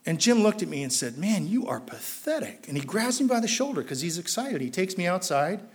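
A man with a slightly raised voice tells his own recovery story to a live audience. He is a trial lawyer, and he mocks himself as he talks. His voice climbs loud and high when he gets excited. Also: quick pace, slightly rough. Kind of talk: personal story told to an audience. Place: talk before a live audience.

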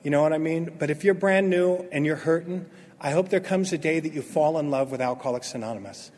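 A man gives his personal recovery testimony to a meeting in a high, lively voice. He tells it like a storyteller, acting out what people said and dropping from loud to hushed. A long reverb trails his words through the hall. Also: brisk. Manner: animated storyteller, acts out quotes, swings from loud to hushed.

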